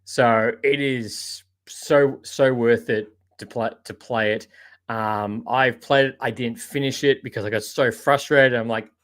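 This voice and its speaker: Speaking at a measured pace in a steady, medium-pitched voice, an Australian host runs a live podcast. He chats and rambles about shows and games, answers comments from viewers, and frequently calls people mate.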